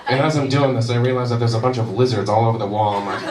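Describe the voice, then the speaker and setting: A man's voice: mid-range voice, racing, a crowd in the background. Young man, stand-up comic, rambling self-deprecating story, echoey room, heard from a distance. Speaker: stand-up comedian. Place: university event room with audience. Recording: roomy echo, distant mic, audience noise.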